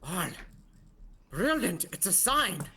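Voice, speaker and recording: A man's voice: high-pitched, big pitch swings, slow pace, pushed and bright, slightly rough, voice pushed up, exaggerated voice. A man voicing a frightened, out-of-breath older man who is fleeing and begging for help. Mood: panicked. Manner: pleading, panicky, urgent. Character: frightened, wheezing old man on the run.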